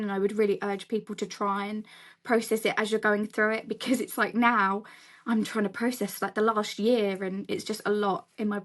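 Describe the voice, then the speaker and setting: A woman in her twenties with an Essex accent, openly telling her own story in a casual, chatty way, full of "you know" and "like". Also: medium pitch. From England. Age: 20s. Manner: open, chatty, many fillers like "you know". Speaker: cancer survivor sharing her story. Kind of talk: casual interview talk.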